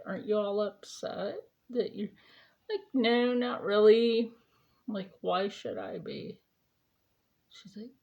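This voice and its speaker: A woman's voice: mid-range voice, creaky, highs cut off. A woman vlogger chatting casually during her skincare routine, telling a rambling story with lots of fillers.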